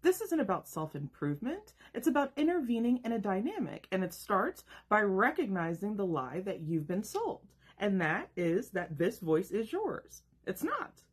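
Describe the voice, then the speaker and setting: Husky, emphatic woman in her thirties. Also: medium pitch, sing-song. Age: 30s. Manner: emphatic, rhetorical, with dramatic pauses and quoted inner voices. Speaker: self-help video host. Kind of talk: scripted motivational monologue.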